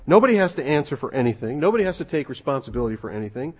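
A man preaching a sermon, emphatic and conversational, with a slightly husky voice. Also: mid-range voice, sing-song, rapid-fire, a little mellow. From United States. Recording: long reverb of a large hall.

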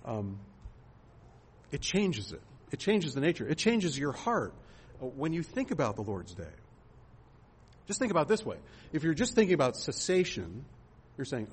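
This male pastor speaks at a middle pitch, slowly and a bit huskily, with large swings in pitch. He delivers his sermon in a chatty way, posing rhetorical questions and slipping in a filler now and then.

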